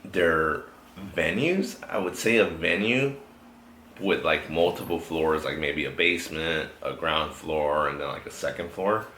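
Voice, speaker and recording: A man's voice: extremely low pitch, measured pace, bright, forceful tone. A man hosting a podcast, telling a rambling story with lots of swearing in casual chat. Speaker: podcast host. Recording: echoey room, faint noise.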